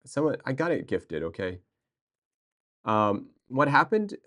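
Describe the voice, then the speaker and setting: A man livestreaming, chatting casually and excitably with viewers, rambling with restarts and answering chat. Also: medium pitch, a little slow.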